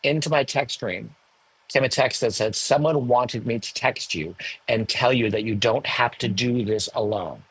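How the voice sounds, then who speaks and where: A man in his sixties, a podcast guest, telling a personal story candidly, emotional and animated with self-mocking asides. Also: medium pitch, moderate pace, husky, dry recording, poor audio. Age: 60s. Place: home in the hills above a large city.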